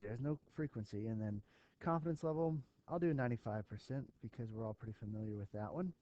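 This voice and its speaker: Man teacher, warm relaxed tone, lo-fi recording, talks through steps with ums. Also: on the low side, quick pace. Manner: thinking aloud with fillers, talking to students. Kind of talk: recorded math lesson walkthrough.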